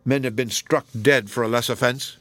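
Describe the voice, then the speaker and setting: A brooding, troubled young woman speaks low with tension in her voice, as a male reader plays her. The sound is dry and close. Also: steady tone, normal speed, a bit bright, no room sound, natural voice. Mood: intense. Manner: low, intense delivery.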